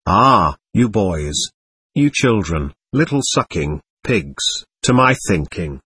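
A man's voice: medium pitch, a bit bright, husky, no echo, full character voice. A man reading the part of a drunken, lecherous old man who rambles and needles his sons. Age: older.

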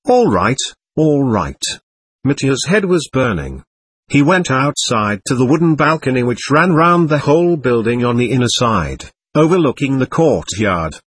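A man reading a classic novel aloud as audiobook narrator, in a measured literary manner. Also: medium pitch, very animated, slightly rough, dry recording. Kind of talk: scripted narration.

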